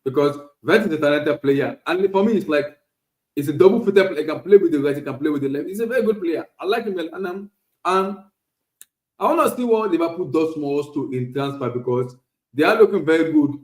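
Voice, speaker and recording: A man hosting a casual solo football talk stream, animated and repetitive, often restarting phrases. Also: fairly high pitch, fairly quick, reverberant, low-quality recording. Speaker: podcast host. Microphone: streaming setup.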